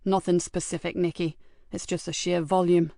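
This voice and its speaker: A woman reading an audiobook, voicing a gruff, loyal male police superintendent in a blunt, dry, fatherly manner. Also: on the low side, flat delivery, normal speed, mellow, no echo. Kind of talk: audiobook character voice.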